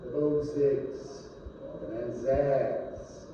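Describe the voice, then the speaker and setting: Male poet reading slowly, heard from afar in a reverberant gallery. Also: medium pitch, flat delivery, warm tone, distant mic, muffled recording, a little hiss or hum. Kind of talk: poetry reading with voiced characters. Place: art gallery.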